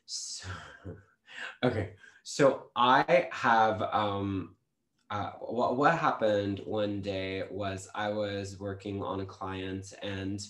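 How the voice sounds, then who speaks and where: A man guests on a podcast, recounting spiritual experiences in a casual, animated way. His voice sits somewhat low, and he acts out the lines of people in his stories. The recording carries a roomy echo. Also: very slow. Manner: animated storytelling, acts out quotes.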